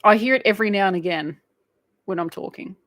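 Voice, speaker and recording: A woman from England hosts a crochet channel, chatting casually on a live stream and reading viewer comments aloud. Her mid-range voice is fast and a bit bright, with an Australian accent tinged with English.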